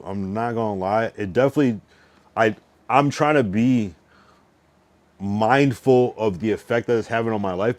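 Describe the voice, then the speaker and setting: On a dry recording, a young streamer with a lowish, slightly mellow voice rambles through casual livestream chat. He swears a lot, leans on slang, and sounds drunk, overstuffed, and somewhat out of breath.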